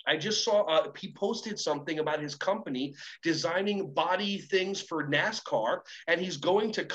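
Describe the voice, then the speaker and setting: A man speaking as a motivational coach, telling lively stories and acting out both sides of the conversations in them. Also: on the high side, normal speed, lo-fi sound. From Israel. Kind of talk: animated storytelling talk.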